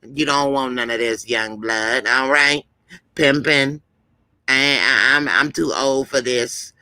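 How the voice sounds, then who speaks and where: A man's voice: mid-range voice, slow, bright, forceful tone, clear, resonant tone, dry recording, low-quality recording. A man impersonating a boastful veteran male comedian, talking in brash street slang with repeated "all right?" and "pimpin'". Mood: boasting.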